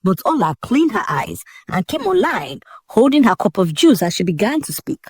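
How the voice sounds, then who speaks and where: A woman tells a dramatic folk tale with an expressive, lively lilt. Her voice is husky and breathy, recorded close and dry. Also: medium pitch, normal speed, few pauses, dry recording. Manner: vivid, expressive storytelling with colorful comparisons. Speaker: storyteller.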